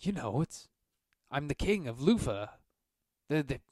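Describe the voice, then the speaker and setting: A man's voice: mid-range voice, sing-song, a little slow, darkish tone, dry recording, studio quality, voice pushed up. A man voicing a bumbling king who hides in a bad old-man disguise, first with a phony, overdone old voice and then with eager chatter.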